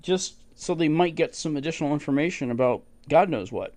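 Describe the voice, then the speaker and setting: A man casually talking through historical documents, musing and halting, with fillers and short laughs. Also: a little high, lively intonation, a little mellow. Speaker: amateur history researcher. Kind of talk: casual commentary reading documents.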